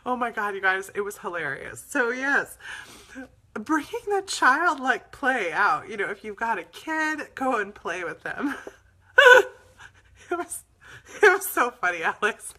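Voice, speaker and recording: A woman's voice: on the high side, big pitch swings, a little slow, bright, forceful tone. A woman host telling stories in a casual, chatty way, laughing often as she talks. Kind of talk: casual storytelling chat.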